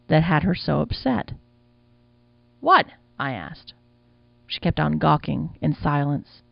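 A man's voice: a little high, creaky, dry recording. A man reading a first-person audiobook in a wry, casual storytelling manner. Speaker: audiobook narrator. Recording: dull lo-fi sound.

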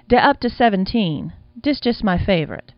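A man voicing a calm, shrewd old woman who works as a voodoo madam, with a gruff, drawling delivery. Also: sits high, normal speed, no room sound, pitched above the performer's own voice. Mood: amused. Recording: dull lo-fi sound.

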